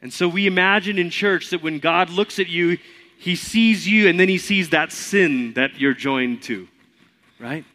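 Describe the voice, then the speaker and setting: A male pastor delivering a sermon in a somewhat high voice. He swings between loud, emphatic peaks and quiet, hushed stretches, driving his points home with repetition. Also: unhurried.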